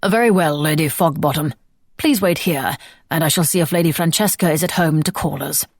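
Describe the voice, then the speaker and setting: Brief: cool, expressionless male butler in an audiobook, husky, dry-sounding, voiced by a woman. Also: low voice, brisk, no room sound. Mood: stiff. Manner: stiff and coolly formal. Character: stony, formal male butler. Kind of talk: audiobook character voice.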